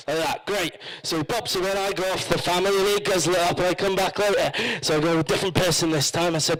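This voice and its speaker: High-voiced Welsh comedian from Wrexham. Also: male voice, fast, few pauses, fairly bright tone, rough recording. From Wales. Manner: rambling, self-mocking storytelling with many fillers. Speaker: stand-up comedian. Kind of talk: live stand-up comedy. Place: live comedy stage at a university campus event.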